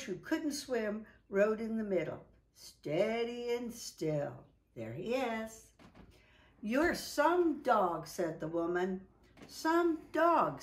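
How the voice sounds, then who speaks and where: A woman reading a children's picture book aloud, with lively, drawn-out delivery. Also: fairly high pitch, roomy sound. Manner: animated, drawn-out, voices for characters. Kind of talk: children's storybook read-aloud. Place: indoors at home.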